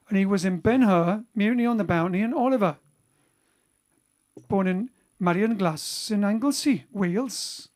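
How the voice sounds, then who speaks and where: A man with a high, slightly mellow voice hosts his band's livestream from home in lockdown. Chatting loosely, he reads viewer comments aloud and rambles with plenty of fillers and restarts.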